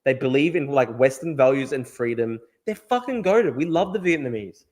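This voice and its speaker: A man with an Australian accent rattles through his points at a fast clip, chatting casually on his livestream. He talks emphatically, circles back to repeat himself and swears freely, at a middling pitch. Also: darkish tone. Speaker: livestream host. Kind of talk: casual political livestream talk.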